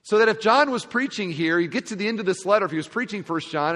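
Expressive pastor preaching in a reverberant hall. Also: male voice, high voice, quick pace, hardly any pauses. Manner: expressive, shifts from quiet asides to shouted emphasis. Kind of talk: sermon. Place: large church sanctuary. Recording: long reverb of a large hall.

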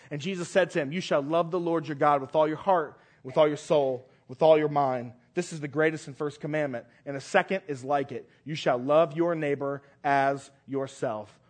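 High-voiced man preaching a sermon. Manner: earnest preaching, reads scripture aloud with rising emphasis. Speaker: pastor.

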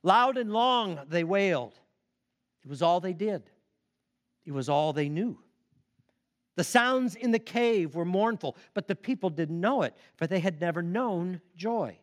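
A male preacher giving a sermon and telling a story with expressive emphasis. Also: sits high, measured pace.

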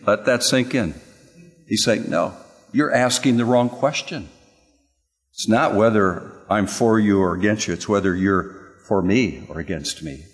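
Male preacher, deep-ish voice, dramatic sermon delivery, long church reverb. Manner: dramatic swings from loud exclamations to hushed low passages.

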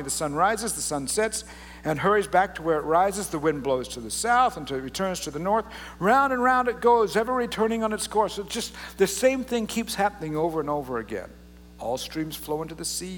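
A pastor preaching a casual, joking sermon and reading scripture aloud with drama. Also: male voice, a little high, big-room sound, a little hiss or hum. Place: church sanctuary.

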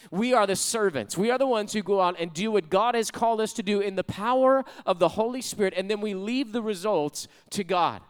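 A male pastor preaching a sermon, rising to loud, shouted exhortation and then leading a quiet, slow prayer. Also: sits high, clear, resonant tone, long reverb tail.

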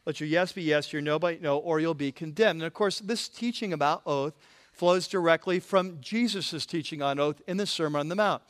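Male pastor, slightly high voice, conversational sermon delivery with restarts. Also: normal speed. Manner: conversational preaching, frequent restarts.

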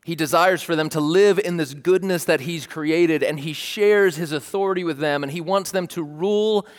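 Pastor, male, a bit high-pitched, animated storyteller in a sermon, big reverberant church hall. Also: moderate pace. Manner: animated, plays out scenes with sudden shouts. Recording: long reverb of a large hall.

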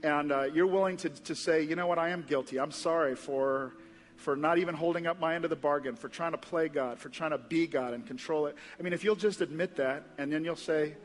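American guy pastor giving a sermon, kinda high voice, chatty, big echoey church. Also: brisk. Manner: conversational storytelling, acts out voices with big pitch jumps. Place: large church hall. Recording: long hall reverb.

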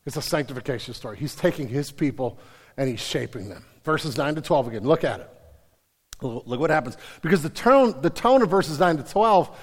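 Male pastor, slightly high voice, preaching in a church hall with a long echo. Moves between whispers and loud emphasis. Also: lively intonation, brisk. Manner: repeats words and restarts when stressing a point. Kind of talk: sermon.

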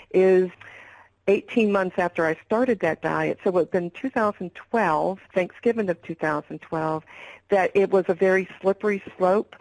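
A woman's voice: fairly low pitch, dry recording, low-quality recording. An older woman, an interview guest, candidly telling her own health story in a rambling way with restarts.

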